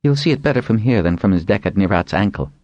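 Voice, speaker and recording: A man voicing a commanding, sharp-witted woman who leads dragonriders in an audiobook, speaking firmly and persuasively. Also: lowish voice, animated, quick pace, no echo, dull audio, pitched above the performer's own voice, lightly acted. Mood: resolute.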